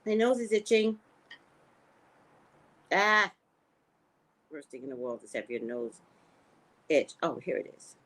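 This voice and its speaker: An older woman hosting a casual live stream, chatting with viewers and greeting them by name in sudden high squeals. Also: big pitch swings, takes it slowly, pauses often, fairly bright tone. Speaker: live-stream psychic host.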